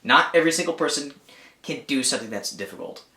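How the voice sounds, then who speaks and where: A man's voice: mid-range voice, fast. Laid-back guy talking outdoor trips, kinda rambly, echoey room. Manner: relaxed, rambling, lots of "like". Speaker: outdoor channel co-host. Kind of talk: casual chat.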